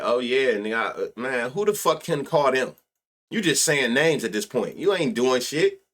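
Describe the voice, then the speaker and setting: A man's voice: medium pitch, a bit bright. A man hosting a live sports betting stream, reading stats and riffing loosely with plenty of profanity. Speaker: sports betting show host.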